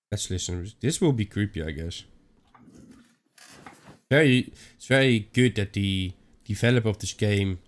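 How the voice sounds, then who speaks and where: A man giving chatty let's-play commentary on a ghost hunting game, thinking out loud with some non-native phrasing. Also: fairly low pitch. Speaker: gaming YouTuber.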